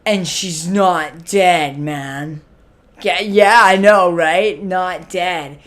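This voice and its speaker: Young adult man, actor playing a clueless stoner, comedy sketch, slow drawl, filler-heavy rambling. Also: sits high, a bit bright, heavily acted. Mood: laid-back. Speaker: comic web show host character.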